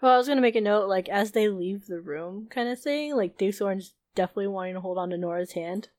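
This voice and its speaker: A woman player describing her character in a tabletop game in a soft, casual way. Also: medium pitch, quick pace, no room sound.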